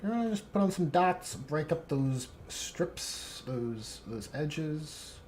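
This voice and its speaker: Man, relaxed hobby stream host, dry joking, animated pitch, casual chat. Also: takes it slowly, a little hiss or hum. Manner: laid-back, dry joking, reads chat aloud. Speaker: streamer painting miniatures.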